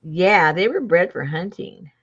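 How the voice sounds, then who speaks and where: A woman's voice: fairly low pitch, expressive, measured pace, husky, lo-fi sound. A woman hosting a crafting video, chatting casually and thinking aloud as she works. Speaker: crafting channel host. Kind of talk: casual chat while crafting.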